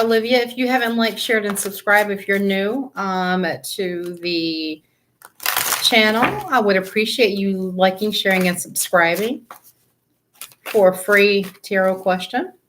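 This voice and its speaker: A woman's voice: medium pitch, measured pace, a bit bright, a little hiss or hum. A woman tarot reader on a live stream, chatting casually with viewers, greeting them by name and laughing often.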